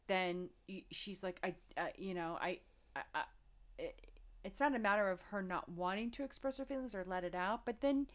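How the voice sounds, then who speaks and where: A woman co-hosting a podcast in casual chat, talking in an expressive, rambling way with lots of restarts and slangy asides. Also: medium pitch, normal speed. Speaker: podcast co-host.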